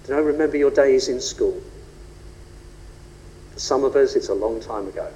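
A man preaching a sermon, rhetorical and animated, rising and falling for emphasis. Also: moderate pace, muffled recording. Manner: animated, rhetorical, shifts pitch and pace for emphasis. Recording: long reverb of a large hall.

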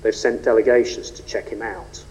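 A man preaching a sermon, rhetorical and animated, rising and falling for emphasis. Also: moderate pace. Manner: animated, rhetorical, shifts pitch and pace for emphasis. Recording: long reverb of a large hall.

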